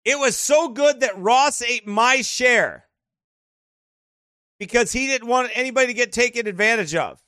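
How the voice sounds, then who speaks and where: A man telling casual stories over travel photos, animated and quick to laugh. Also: very high voice, clear, resonant tone, no echo, clean studio sound. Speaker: vlogger showing travel photos. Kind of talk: casual storytelling.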